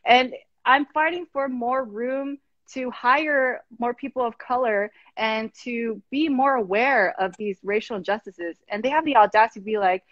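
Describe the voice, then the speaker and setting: Impassioned woman host, high voice. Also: normal speed, no echo, highs cut off. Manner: impassioned, frustrated, many restarts. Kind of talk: casual chat.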